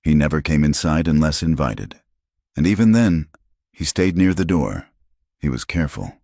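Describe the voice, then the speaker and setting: A man narrating a western audiobook in a steady, measured storytelling manner. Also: rumbling low, gravelly, dry recording, clean studio sound.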